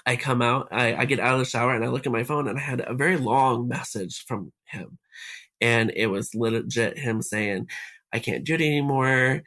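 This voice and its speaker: A man's voice: medium pitch, normal speed, a bit bright. A man, a podcast guest, recounting what happened to him and acting out the conversations he had along the way. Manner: retells events by acting out quoted dialogue. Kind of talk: recounting a personal story in conversation.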